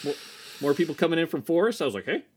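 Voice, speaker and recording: A man's voice: a little high, expressive, rapid-fire, a little hiss or hum, close to an everyday voice. Guy putting on a super old captain who talks like a chill 90s dude, slangy, swoopy bouncy voice. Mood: laid-back. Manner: slangy, breezy, upbeat. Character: ancient male war captain talking like a laid-back 1990s dude. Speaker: podcast co-host. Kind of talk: improvised comedy role-play.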